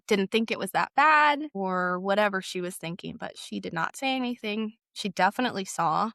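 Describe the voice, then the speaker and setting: A woman's voice: fairly low pitch, creaky, a bit bright, dry recording, studio quality. A young adult woman sharing a personal story in a candid, hesitant way, with frequent fillers and self-corrections.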